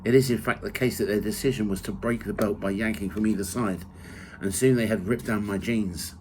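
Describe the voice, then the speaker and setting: A man reading from his own memoir in the first person, measured and steady. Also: on the low side, slight background noise, rough recording. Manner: measured reading, rising loud for quoted shouts.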